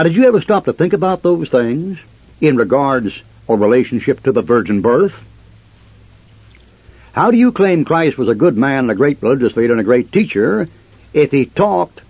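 A man preaches a fiery, combative sermon, hammering his listeners with rhetorical questions. His husky voice swings widely in pitch. The recording is dry and muffled, like an old lo-fi tape. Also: a little mellow, no echo.

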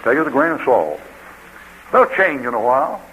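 A man's voice: medium pitch, very animated, brisk, pushed and bright, a little hiss or hum, rough recording. A man preaching a sermon in a folksy, joking way, acting out what people say.

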